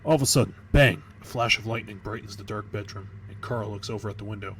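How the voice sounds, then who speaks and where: A man's voice: on the low side, fast, fairly bright tone, slight background noise. A man narrating a horror story in a casual, crude way, with nervous restarts. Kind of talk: creepypasta storytelling.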